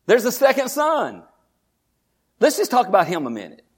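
A man preaching a sermon in church, moving from quiet asides to shouted, high-pitched storytelling. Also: wildly swooping pitch, moderate pace, husky. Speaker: pastor.

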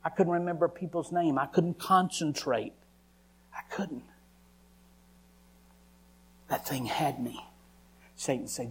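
A man, preaching a personal testimony in a dramatic storytelling manner that sometimes drops to hushed, whispered lines. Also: a little high, slow pace, long pauses, a little hiss or hum. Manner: dramatic storytelling, acting out his own cries. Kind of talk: testimony sermon.

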